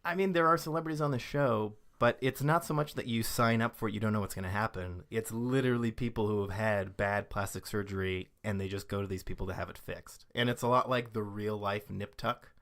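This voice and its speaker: A man's voice: on the low side, a little fast, hardly any pauses, a bit bright. A man co-hosting a podcast, chatting eagerly and casually about reality TV. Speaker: podcast co-host. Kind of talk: casual chat.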